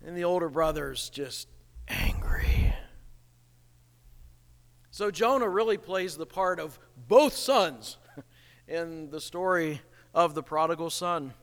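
A man preaching a sermon in an animated way, acting out the people he quotes. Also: a little high, measured pace. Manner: animated, acts out quoted voices, chuckles at the irony. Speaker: pastor. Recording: reverberant hall.

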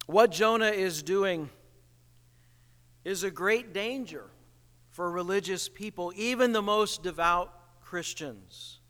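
A man preaching a sermon in an animated way, acting out the people he quotes. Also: high-pitched, takes it slowly. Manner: animated, acts out quoted voices, chuckles at the irony. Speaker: pastor. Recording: reverberant hall.

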